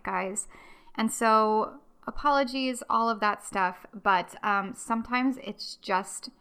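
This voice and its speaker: A woman's voice: medium pitch, pushed and bright, clear, resonant tone. A woman hosting her own podcast, chatting casually and rambling to listeners with many ums and friendly asides. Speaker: podcast host.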